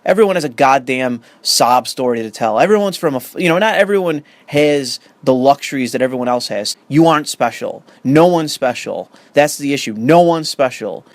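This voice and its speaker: A man's voice: medium pitch, animated, normal speed, few pauses, no echo. A young man ranting in commentary, profane and sarcastic, reading an article aloud and arguing with it. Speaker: commentary host.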